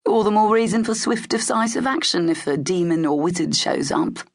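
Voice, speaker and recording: A woman narrator voicing a wry, cocky male rogue bodyguard who jokes in sly asides, her voice husky and gravelly. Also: mid-range voice, fairly even intonation, normal speed, pitched above the performer's own voice, close to an everyday voice. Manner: sly, teasing, half-whispered asides.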